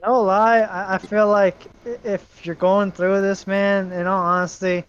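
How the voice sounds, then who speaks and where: A young speaker drops quick joking asides in a loose friends' chat. The sound is dull and lo-fi. The pitch is average. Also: level tone, clean tone. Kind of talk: casual chat among friends.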